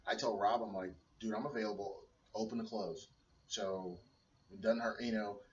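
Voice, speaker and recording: An earnest man in his thirties rambles through a personal video blog, restarting his sentences often. His voice sits a little low and sounds set back from the mic. The room echoes and the sound is dull, with faint noise behind him. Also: fairly even intonation, moderate pace. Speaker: personal trainer and stay-at-home dad. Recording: roomy, dull sound from a distance.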